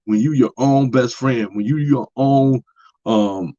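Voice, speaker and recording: A man's voice: medium pitch, slow, mellow, dull audio. A man talking in a casual monologue about relationships, plain-spoken and preachy, repeating his points. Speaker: podcast host.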